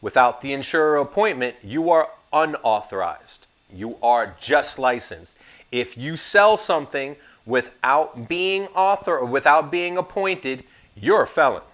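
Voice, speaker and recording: A man's voice: medium pitch, expressive, measured pace, a bit bright. Sarcastic male insurance instructor. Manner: sarcastic, joking asides. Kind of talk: recorded classroom lecture.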